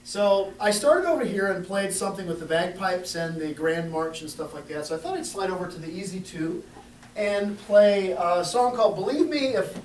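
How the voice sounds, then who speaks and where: A man's voice: high-pitched, normal speed. A man hosting an organ concert, teasing the audience with goofy, corny jokes. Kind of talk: joking concert patter. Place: organ showroom hall. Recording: roomy, distant, faint room noise.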